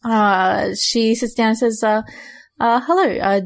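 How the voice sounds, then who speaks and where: A woman's voice: fairly high pitch, flat delivery, takes it slowly, vocal fry, no echo. A woman taking her turn in a tabletop game, laughing often and searching for words. She sounds close and dry, with no room around her. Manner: giggly, hesitant, lots of fillers. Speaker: player. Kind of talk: casual tabletop role-play.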